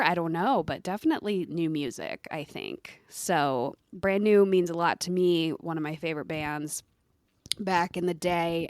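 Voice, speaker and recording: A woman's voice: on the low side, no echo, clean studio sound. A woman co-hosting a podcast in casual chat, talking loosely with fillers and trailing phrases. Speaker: podcast co-host.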